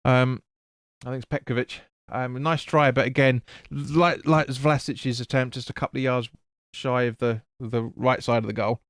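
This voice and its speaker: A man talks through a live football match for his stream, loose and chatty, tripping over names and swearing now and then. His voice is smooth and clear at a middling pitch. The close microphone gives a dry sound with no room around it. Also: fairly even intonation, normal speed, no echo. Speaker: fan stream host. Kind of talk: live football watch-along commentary.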